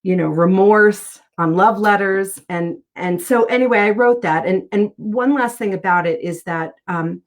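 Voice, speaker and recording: A woman's voice: mid-range voice, unhurried, hardly any pauses. A middle-aged woman, a guest author in a casual interview, talking in an earnest, heartfelt way as she tells personal stories.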